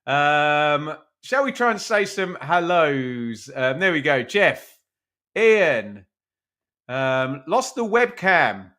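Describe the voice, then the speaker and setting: A man's voice: fairly high pitch, big pitch swings, takes it slowly, bright, forceful tone. A man hosting a live football watch-along stream from his room at home, chatting casually with viewers and poking fun at himself. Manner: chatty, self-mocking, reads out viewer names. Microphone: webcam stream at his computer.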